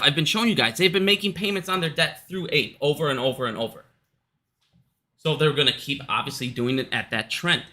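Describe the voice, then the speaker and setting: A man's voice: on the high side, bright, forceful tone. A man from Minnesota giving casual, heated commentary at home, profane and repetitive, hot and out of breath. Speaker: stock market commentator. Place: his house.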